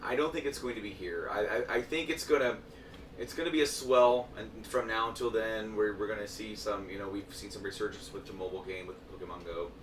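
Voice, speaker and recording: A man's voice: lowish voice, steady tone, fast talker. A man who is a guest on a podcast, chatting casually and upbeat about games. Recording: echoey room, distant mic, noisy.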